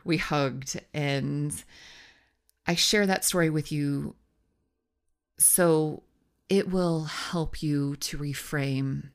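Slow, gravelly-voiced woman podcast host. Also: low-pitched. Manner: earnest, storytelling, repeats phrases for emphasis. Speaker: podcast host, love coach. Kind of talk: podcast monologue.

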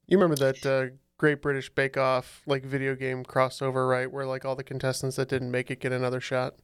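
A man on a casual podcast panel telling offbeat jokes in a deadpan way. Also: mid-range voice, a little fast, smooth, no room sound.

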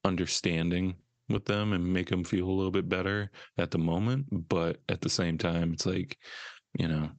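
A man with a very low, gravelly voice chatting casually on a podcast in a dry, close-sounding room. He is laid-back and swears freely, with frequent chuckles. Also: steady tone, normal speed, no echo, lo-fi sound. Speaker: co-host.

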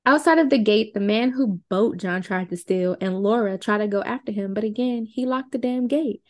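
A woman co-host recaps a film plot for podcast listeners. Her pitch sits mid-range, and she talks in a conversational, wry, indignant way. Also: normal speed.

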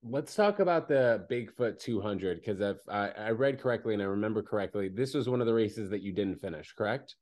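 Podcast host asking winding questions. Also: male voice, on the low side, animated, brisk, few pauses, darkish tone. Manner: asks long, winding questions. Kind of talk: casual interview.

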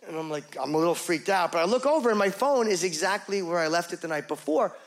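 High-voiced man doing crude stand-up. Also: quick pace. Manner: rambling, crude, self-mocking, animated. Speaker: stand-up comedian. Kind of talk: stand-up comedy storytelling.

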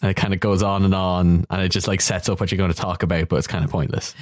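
A man's voice: sits low, level tone, fast, dry recording, studio quality. A man co-hosting a podcast, joking and teasing in casual chat. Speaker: podcast co-host.

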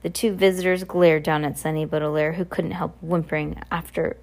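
Low-voiced woman reading a novel aloud. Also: level tone, a little fast, darkish tone. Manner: casual, stumbling, self-correcting. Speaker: reader.

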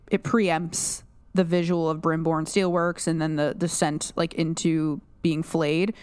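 Low-voiced woman analyzing a show. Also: darkish tone, clean tone, no room sound. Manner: analytical, rambling with many restarts and "like". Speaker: podcast co-host. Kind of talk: casual podcast discussion.

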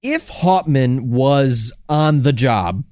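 A man co-hosting a casual conversation, puzzled and asking questions as he thinks out loud, restarting phrases and letting them trail off. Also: mid-range voice, animated, drawn-out words, dry recording, studio quality. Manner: puzzled, questioning, talks through his thoughts. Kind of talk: casual chat.

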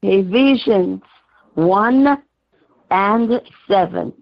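A woman reading scripture aloud in church, slow and drawn out, word by word. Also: medium pitch, vocal fry, dull audio. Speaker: scripture reader.

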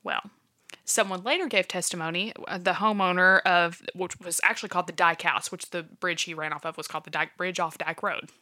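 Woman podcaster telling a crime story off her notes, lots of ums and likes, lower voice. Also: steady tone, fairly quick, bright, forceful tone. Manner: chatty, filler-heavy, checks her notes. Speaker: podcast co-host. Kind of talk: casual true-crime storytelling.

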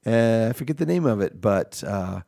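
A male comedy podcast host whose voice has a gravelly, creaky edge. He rambles through improvised banter, stalling often on fillers and restarts. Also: lowish voice, lively intonation, warm tone. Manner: rambling, halting, full of fillers.

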